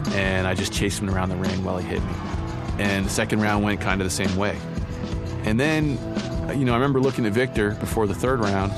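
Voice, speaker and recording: Man, storyteller, very deep voice, casual conversational telling, guitar music bed. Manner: relaxed, conversational with frequent "you know" and "kinda". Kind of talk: first-person spoken storytelling.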